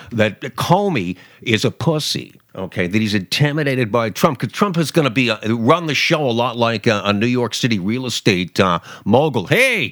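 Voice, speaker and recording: A man's voice: medium pitch, fairly bright tone, dry recording, studio quality. A man hosting a political commentary show, talking casually and sarcastically, often mocking other people's voices.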